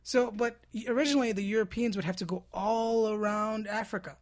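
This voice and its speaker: A woman's voice: medium pitch, a little fast, a little mellow. A woman, a podcast host in casual chat, explaining history as a joking storyteller who slips into silly voices.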